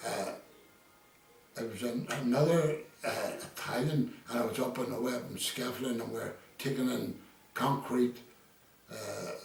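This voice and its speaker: A man's voice: mid-range voice, creaky, darkish tone. An older Irish man being interviewed, telling rambling stories full of quoted dialogue. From Ireland. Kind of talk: casual storytelling. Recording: echoey room, distant mic, faint ambience.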